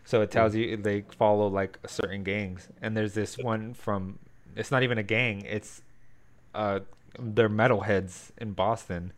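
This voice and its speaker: Laid-back man interviewer, lowish voice. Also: fairly even intonation, measured pace. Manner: loose, swears casually. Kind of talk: casual interview chat.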